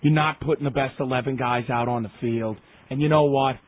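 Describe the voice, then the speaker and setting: Husky man calling in, emphatic and repetitive in his rant, thin phone sound. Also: medium pitch, fairly even intonation, a little fast. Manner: heated, emphatic, repeats himself for effect. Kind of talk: impassioned sports rant. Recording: tinny phone line.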